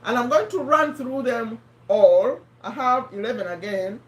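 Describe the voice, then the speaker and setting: A woman's voice: a little high, animated, measured pace. Lady chatting to her live stream, voice kinda strained, calls viewers by name, mic sits far off, roomy echo. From Uganda. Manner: chatty, addresses viewers by name, repeats points. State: strained, failing voice. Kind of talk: casual live-stream chat.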